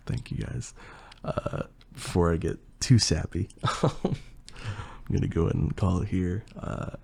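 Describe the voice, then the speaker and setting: A young man with a hoarse, partly lost voice, chatting casually and rambling through a Q&A as an ASMR creator. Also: deep voice, a little slow. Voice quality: gravelly and husky. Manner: relaxed, rambling, with fillers and swearing. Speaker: ASMR creator answering questions. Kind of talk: casual Q&A chat.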